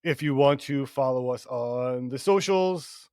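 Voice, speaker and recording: A man's voice: mid-range voice, a little slow, darkish tone, smooth, dry recording, clean studio sound. A man co-hosting a podcast, rambling and joking in casual chat. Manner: joking, rambling, laughs often. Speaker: podcast co-host.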